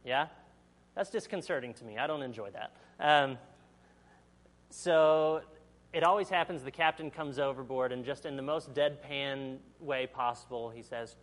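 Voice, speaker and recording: Speaking at normal speed and medium pitch, a male preacher reads from scripture and explains it in a chatty way. Along the way he asks the congregation questions and voices the quoted lines dramatically.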